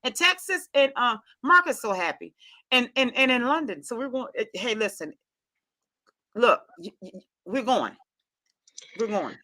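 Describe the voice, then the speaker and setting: An American woman hosting a casual group chat show, animated and exclamatory, with frequent restarts. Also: a little high, unhurried, pauses often. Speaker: host.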